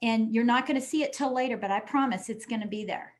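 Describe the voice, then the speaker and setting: A woman's voice: fairly high pitch, quick pace. A woman speaking as a podcast guest and coach, explaining earnestly and acting out quoted people. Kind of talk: casual interview chat.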